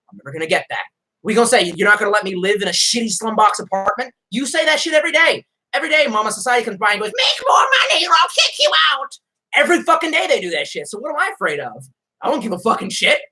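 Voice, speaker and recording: Dude ranting on his stream, swears a lot, kinda husky voice. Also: sits high, bright, forceful tone, poor audio. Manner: profane, ranting. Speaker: live streamer. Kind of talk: ranting live stream talk.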